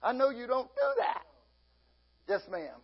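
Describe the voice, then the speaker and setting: A man's voice: extremely high pitch, big pitch swings, unhurried, slightly rough, dull audio. A man preaching a sermon as pastor, folksy and often laughing as he acts out everyday scenes.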